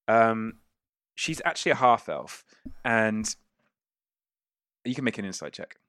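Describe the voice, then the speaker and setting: A man's voice: lowish voice, lively intonation, a little slow, long pauses, a bit bright, clean tone, dry recording, studio quality. A man narrating a tabletop game as game master, rambling with many fillers and restarts.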